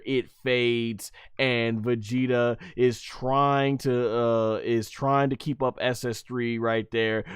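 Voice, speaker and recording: A man giving an excitable, rambling play-by-play recap of an anime episode, punctuating the action with sound effects. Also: medium pitch, clean tone, dry recording, clean studio sound. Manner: loose and rambling, with many restarts and fillers.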